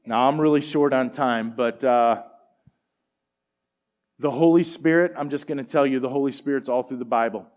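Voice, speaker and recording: A middle-aged man preaching a sermon and telling personal stories in a relaxed, conversational way, with plenty of fillers. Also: medium pitch, moderate pace. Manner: conversational, animated storytelling with fillers. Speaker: pastor. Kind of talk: sermon storytelling.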